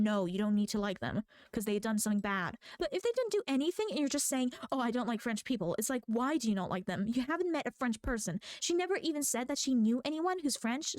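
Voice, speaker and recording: A woman VTuber talks casually to her viewers while she plays a game. Her voice sits a little high, and she rambles and circles back on her thoughts in an easy, chatty way. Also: slight background noise. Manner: rambling, chatty, thinks aloud. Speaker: VTuber streamer.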